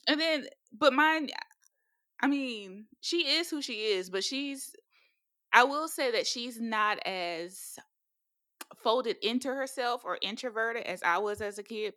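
Young woman co-host, casual storyteller, slightly gravelly, very lively pitch, dry close sound. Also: a little slow, no echo. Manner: animated storytelling, acts out family quotes. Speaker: podcast co-host. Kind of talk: casual chat.

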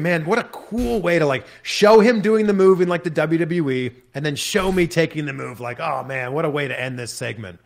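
An American man, a podcast guest, telling a story in lively detail with many fillers. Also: mid-range voice. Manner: animated, vivid retelling with many fillers. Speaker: interview guest.

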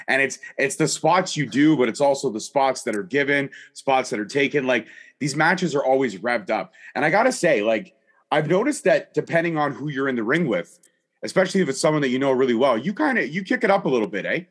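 A man's voice: medium pitch, brisk. A man in his thirties hosting a casual interview podcast, joking and swearing freely. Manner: animated, jokey, swears freely. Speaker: podcast host.

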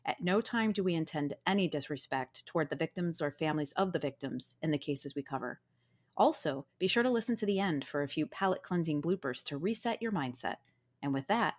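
Chatty, laughing woman podcast co-host. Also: sits low. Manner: laughs easily, chatty and loose. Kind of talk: casual true-crime podcast chat.

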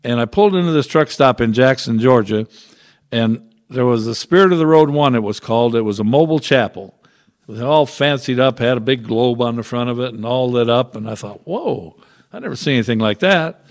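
A man's voice: medium pitch, lively intonation, a little fast. A middle-aged man, a trucker chaplain, telling stories in a casual interview with a folksy manner and frequent chuckles. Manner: folksy, chuckles often through his stories.

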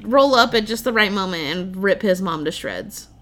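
A woman co-hosting a podcast, cutting in with quick, opinionated remarks in casual chat. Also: medium pitch, expressive. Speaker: podcast co-host.

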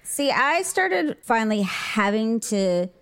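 A young woman chatting casually as a podcast co-host, chiming in with quick, teasing remarks. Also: fairly high pitch, sing-song, fairly bright tone, clear, resonant tone. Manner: quick teasing interjections, playful. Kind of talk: casual chat.

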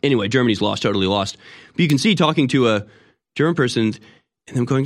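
A male commentator on a mocking, sarcastic rant. His voice is medium in pitch, and he rambles with frequent restarts. He sounds scornful and sure of himself. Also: animated, fast. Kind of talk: opinionated monologue.

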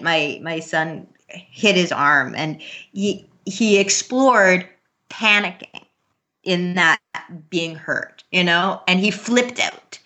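Bright-voiced woman talking parenting. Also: medium pitch. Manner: earnest, laughs often, many restarts. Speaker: parent guest. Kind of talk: casual podcast chat.

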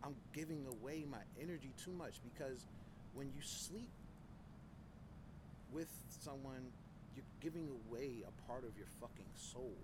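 A man chats as a guest on a casual podcast, his voice sitting at an ordinary middle pitch. He tells blunt, profanity-laced stories in a meandering, conversational way. A constant background noise runs beneath his voice. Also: a little slow. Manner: candid, profane storytelling; loose, conversational, frequent "like" and "you know".

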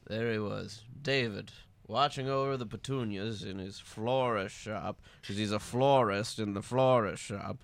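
A man hosting an improv comedy podcast, playful and quick to laugh, who narrates the group's story. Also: fairly low pitch, vocal fry, a little hiss or hum.

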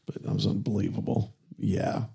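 A man's voice: on the low side, monotone, normal speed, vocal fry, mellow. A man hosting a casual car podcast, swearing freely and acting out both sides of his quoted arguments. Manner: profane storyteller who acts out quoted exchanges.

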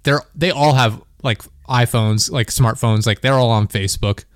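A man's voice: medium pitch, normal speed, dry recording, studio quality. A man hosting a podcast, telling stories animatedly with frequent swearing and laughter. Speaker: podcast host. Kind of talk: casual chat.

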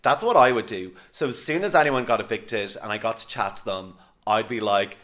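A man's voice: on the low side, brisk, hardly any pauses, a bit bright. A man co-hosting a podcast in casual chat, swearing freely and filling his talk with "like". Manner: chatty, swears freely, many "like" fillers. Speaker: podcast host.

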